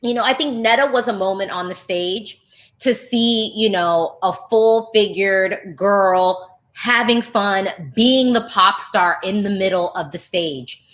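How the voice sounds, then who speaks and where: Her voice is medium in pitch and her pace is slow. This vlogger gives casual reaction commentary loaded with fillers and picky notes, turning emotional and breaking into laughter partway through her thoughts.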